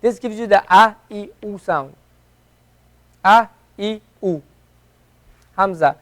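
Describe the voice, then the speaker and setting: This is a classroom lesson at an Islamic center, where a male teacher patiently repeats Arabic letter sounds so students can hear the pronunciation. He speaks slowly in a high, fairly bright voice.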